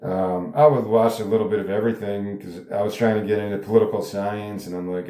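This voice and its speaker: A man's voice: fairly low pitch, fairly even intonation, fairly quick, mellow. Casual man reading a script aloud. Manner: casual, laughing asides. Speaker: script reader. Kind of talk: casual table read narration. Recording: roomy echo.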